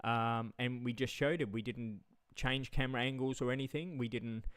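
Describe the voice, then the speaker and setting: A man's voice: medium pitch, fairly even intonation, moderate pace, a bit bright, clean tone, no echo, clean studio sound. A man ranting heatedly on a livestream, swearing and stammering through repetitions. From Australia. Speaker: live streamer. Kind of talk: angry livestream rant.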